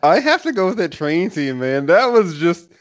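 A man's voice: a little high, very animated, normal speed, dry recording, lo-fi sound. A man co-hosting a casual movie podcast, laid-back and full of "like" fillers. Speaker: podcast co-host.

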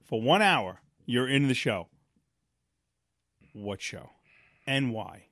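A man co-hosting a podcast, telling stories in casual chat, rambling and animated with lots of restarts. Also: medium pitch, slow pace, dry recording, studio quality. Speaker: podcast co-host.

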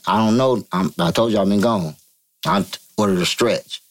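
A man from Vallejo, California, telling a story as an interview guest, profane and animated, acting out quotes in a higher voice. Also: normal speed. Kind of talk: casual storytelling.

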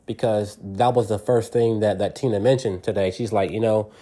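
A middle-aged man talks through listener advice on his podcast in a loose, unscripted monologue. His voice sits a little low, and he circles his points with frequent restarts and repeated words. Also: quick pace, few pauses, dark tone, breathy edge. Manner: earnest, rambling, many repeated words and restarts. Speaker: podcast host.

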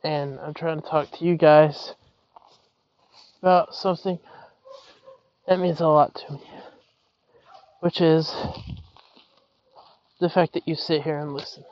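A man's voice: fairly high pitch, steady tone, slow pace, long pauses, lo-fi sound. A man hosting a podcast, rambling apologetically while hot and breathing heavily outdoors in a yard, recorded without his usual headset. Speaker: podcast host. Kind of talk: casual rambling monologue. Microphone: not his usual headset.

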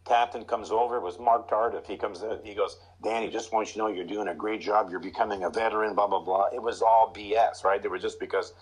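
A middle-aged man, a former pro hockey player, telling casual stories about his rookie days in an animated way. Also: fast, hardly any pauses, breathy edge, rough recording. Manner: animated anecdotes, high put-on voices for quoted lines. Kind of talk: casual storytelling.

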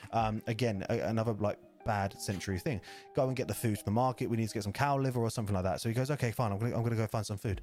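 A man's voice: medium pitch, darkish tone. A young man telling a rambling childhood story in a casual chat, swearing freely.

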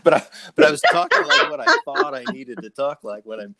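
A man, a pastor and host from New Jersey, talking in a casual church conversation with many restarts and soft laughs. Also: a little high, wildly swooping pitch, brisk, creaky, dry recording.

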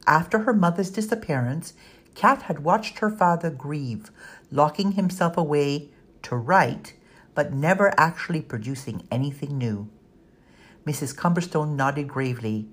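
A woman reads a novel aloud in a measured, storytelling manner. Her voice is low for a woman and has a husky grain. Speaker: audiobook narrator. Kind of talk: scripted narration.

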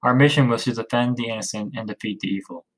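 A man voicing a stern, gruff middle-aged father and leader in a storybook, speaking gravely. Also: medium pitch, fast talker, lightly acted, rough recording. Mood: solemn.

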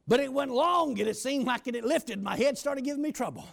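A man preaching a storytelling sermon, shouting and slowing down for emphasis. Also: very high voice, vocal fry.

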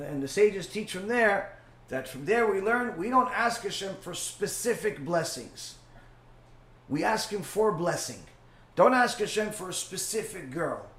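A man leads a religious class and takes questions, stopping often on fillers and saying his main points twice. His voice sits a bit high for a man. The room around him is echoey. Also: fairly bright tone. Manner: halting, many fillers, repeats key phrases. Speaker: rabbi teacher. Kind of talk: Torah class Q&A.

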